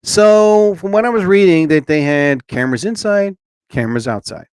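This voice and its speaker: A man's voice: sits high, lively intonation, moderate pace, a little mellow, clear, resonant tone, no room sound. A man hosting a casual live stream, rambling and talking to chat viewers by name.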